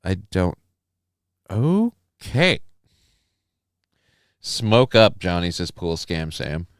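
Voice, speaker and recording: A man's voice: deep voice, very animated, extremely slow, no echo, clean studio sound. A young man hosting a live stream, reading the chat and ranting in a crude, sarcastic, profane way. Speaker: livestream host reading chat.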